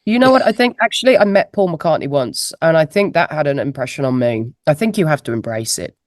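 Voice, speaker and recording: Talking through a laptop microphone on a video call, this female guest musician keeps things chatty, laughing and poking fun at herself during the interview. She sits low in pitch, with lively intonation and a brisk pace, and the audio is clean, echo-free, and studio-quality.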